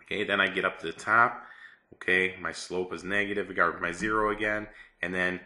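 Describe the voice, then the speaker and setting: Bright, low-voiced male math teacher. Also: fairly even intonation, a little fast. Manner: chatty, playful, acts out a story with yelps. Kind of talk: classroom math lesson.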